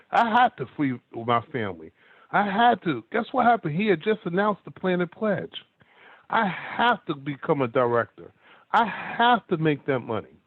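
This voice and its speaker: A man's voice: on the high side, no echo. A man giving an emphatic motivational talk to an online audience, telling stories and asking "guess what" again and again. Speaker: motivational speaker. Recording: dry, narrow phone-like sound.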